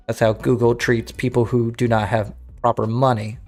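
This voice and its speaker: Here a man's mid-range voice comes across flat and a little mellow at a moderate pace, over soft background music. He's a game streamer casually talking to viewers, musing aloud and restarting sentences as he goes.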